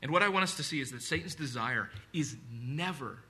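A man's voice: medium pitch, expressive, brisk, sharp tone. A man preaching a sermon, speaking earnestly and conversationally with repeated phrases and asides. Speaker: pastor.

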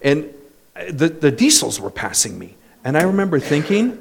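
Animated man preaching a sermon. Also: a little high, moderate pace, gravelly, a crowd in the background. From United States. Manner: storytelling, building to loud exclamations. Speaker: pastor.

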